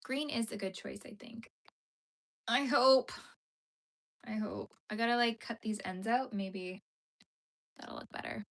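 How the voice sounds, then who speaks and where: Young woman, live-stream host, easygoing chat while crocheting, mid-range voice, answers viewers, trails off into soft asides. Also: medium pitch, normal speed, creaky. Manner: chatty, answers viewer comments as she works.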